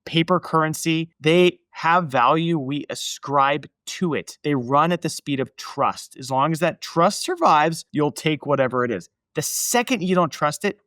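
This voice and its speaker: A man's voice: fairly high pitch, fairly bright tone, no echo. A man hosting a podcast, narrating history in a casual, emphatic way with asides to his listeners. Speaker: podcast host.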